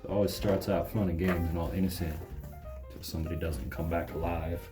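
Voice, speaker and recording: Deadpan sarcastic man reading aloud. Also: low voice, fairly quick, music in the background. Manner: deadpan, mocking asides. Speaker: comedic reader. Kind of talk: sarcastic read-aloud commentary.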